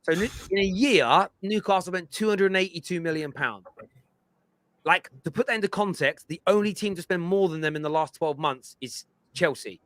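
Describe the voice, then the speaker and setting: A man's voice: sits high, moderate pace, no echo. A man hosting a football fan show, explaining his points emphatically and at length in casual chat. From England. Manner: emphatic, lecturing, animated.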